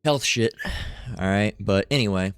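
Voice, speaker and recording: A man's voice: lowish voice, unhurried, clear, resonant tone, soft background music. A man giving casual religious commentary with an itchy throat, rambling and swearing, full of fillers and asides.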